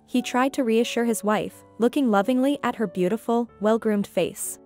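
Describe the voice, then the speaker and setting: A woman narrating a scripted story in an even, measured way. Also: on the high side, faint music behind.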